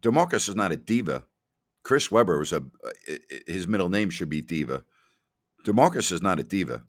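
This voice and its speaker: Male host with a lowish voice, rambling and repetitive, dry close sound. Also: sing-song, fairly quick, no echo. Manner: rambling storyteller who repeats phrases and laughs often. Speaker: podcast host. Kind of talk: casual solo chat answering listener questions.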